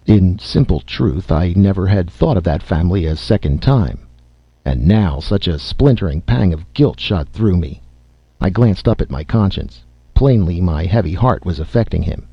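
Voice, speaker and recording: Deep gravelly-voiced male storyteller. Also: animated, no room sound. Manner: measured, dramatic storytelling. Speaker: narrator. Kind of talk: storybook reading. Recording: slightly dull lo-fi recording.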